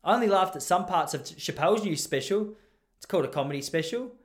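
Animated man telling comic stories. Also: sits high, fast. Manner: animated, laughs often, slips into quoted voices. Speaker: podcast host and school teacher. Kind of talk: comedic storytelling monologue.

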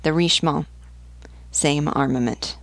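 A woman's voice: deep voice, fairly even intonation, measured pace, dry recording. A woman voicing a knowledgeable male ship's pilot who lists facts plainly. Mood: factual.

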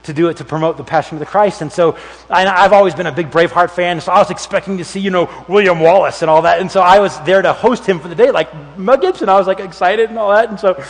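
A man preaching a sermon as pastor, animated and acting out the voices of the people in his stories. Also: high voice, fast talker. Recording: long hall reverb.

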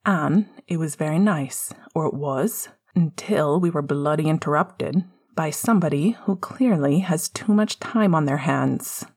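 Clipped, icy teen boy wizard, low and hushed, breathy, voiced by a woman. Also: measured pace, heavily acted. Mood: cold angry. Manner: cold, clipped, hissing. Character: bitter teenage boy wizard, cold and cutting. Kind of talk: audiobook reading of fan fiction.

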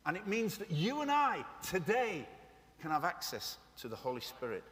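A man's voice: sits high, huge pitch swings, moderate pace, a bit bright. A man preaching a sermon to a congregation, passionate and conversational, with joking asides to the room. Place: church meeting room. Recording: echoey hall.

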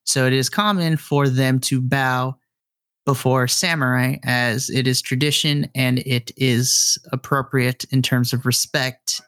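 A man's voice: medium pitch, steady tone, measured pace, a bit bright, no room sound, studio quality. A man narrating a tabletop role-playing game as game master, describing scenes and explaining the setting.

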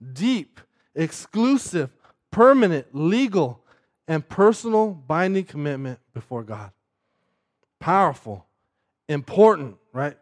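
A man with a slightly high voice preaches a sermon, repeatedly asking the listeners "right?" He often restarts his sentences and repeats words as he does.

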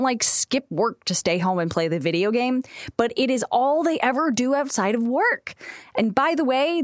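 A young adult woman co-hosting a podcast, reading out listener questions and chatting casually, with lively, animated delivery and frequent laughter. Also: medium pitch, no echo, clean studio sound. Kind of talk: casual chat.

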